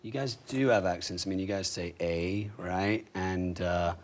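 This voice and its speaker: A man's voice: sits low, moderate pace. A man from England, an actor chatting as a guest, rambling with lots of you know and like. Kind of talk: casual chat.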